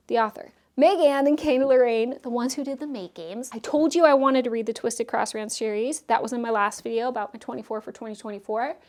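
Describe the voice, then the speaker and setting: A young woman talking casually and excitably as a book vlogger, reviewing what she read, with many asides and fillers. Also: a little high.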